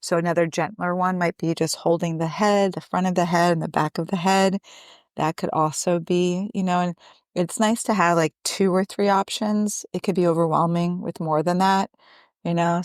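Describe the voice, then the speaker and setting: A woman guest who teaches somatic healing, speaking gently and affirmingly with many casual fillers. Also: on the low side, fairly even intonation, normal speed, no room sound, clean studio sound. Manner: gentle, affirming, lots of "like" and "you know". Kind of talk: interview conversation.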